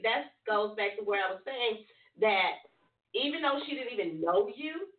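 A woman's voice: fairly high pitch, expressive, moderate pace. A woman hosting, reflecting earnestly on life lessons in a preachy, slangy way. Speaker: host. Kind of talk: reflective motivational talk. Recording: distant echoey phone line.

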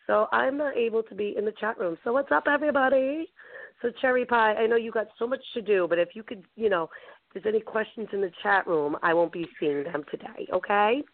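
A woman host speaks over a tinny phone line, her voice a little strained after a late night out. She talks excitedly and rambles, full of fillers and laughter. The sound is dry and close. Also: mid-range voice, fairly quick, no echo. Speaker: show host. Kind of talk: casual call-in chat.

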